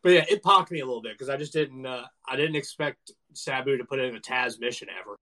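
A man's voice: medium pitch, fast, sharp tone, poor audio. A man co-hosting a podcast, chatting about a wrestling match in a laid-back way. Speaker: podcast co-host. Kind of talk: casual wrestling chat.

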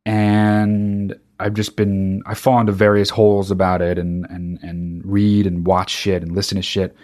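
Lower-pitched man ranting casually. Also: measured pace. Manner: animated, profane ranting with frequent restarts. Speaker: podcast host. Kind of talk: casual monologue.

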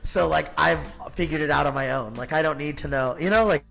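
A man in his thirties, a podcast guest telling a personal story in a casual, animated way, filling his talk with "like" and acting out what others said. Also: fairly high pitch, a little fast, vocal fry, soft background music. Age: 30s. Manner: animated, acts out quoted people, frequent "like" fillers.

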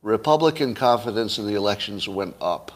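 A man's voice: on the low side, expressive, a little fast. A middle-aged man giving solo commentary, sarcastic, asking his audience rhetorical questions and chuckling at his own points. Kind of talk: solo political commentary to camera.

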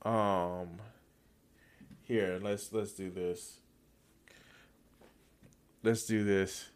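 A man's voice: low-pitched, level tone, very slow. A man streaming live, reacting to a clip with incredulous commentary, stammering, swearing and restarting his sentences.

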